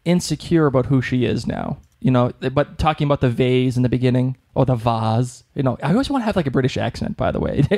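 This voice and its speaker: A young man with a Boston accent chats loosely as a podcast co-host, circling back and restarting his sentences. His voice sits at an ordinary, middle pitch. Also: expressive, fast, gravelly, few pauses, darkish tone. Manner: chatty, rambling, with frequent restarts. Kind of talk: casual chat.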